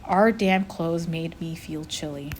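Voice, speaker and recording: A woman, a teacher, reading a chapter of a novel aloud with expressive storytelling. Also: deep voice, a little slow, slight background noise.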